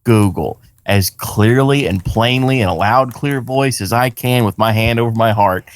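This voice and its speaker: A man's voice: mid-range voice, moderate pace, no room sound. A man hosting a casual podcast, rambling and swearing, acting out little quoted lines as he riffs. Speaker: podcast host.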